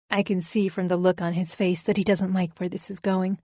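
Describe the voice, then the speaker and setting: A woman narrating a first-person thriller audiobook in an even, wry storytelling manner. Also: on the low side, fairly quick, few pauses, no room sound.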